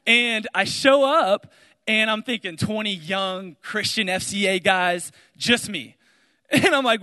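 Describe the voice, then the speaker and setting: A young man giving a spoken testimony to an audience, telling his story with lively storytelling and acting out the voices of the people in it. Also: high-pitched, slow. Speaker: speaker sharing his testimony. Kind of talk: testimony talk to a crowd. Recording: large hall reverb.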